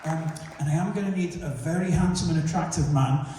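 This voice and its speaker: High-voiced man joking in an echoey hall. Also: a little fast, a loud crowd. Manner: jokey, teasing audience banter, laughing often. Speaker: magician and entertainer. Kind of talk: live comedy magic show patter. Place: large church hall with audience. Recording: echoey hall recorded from far off, noisy.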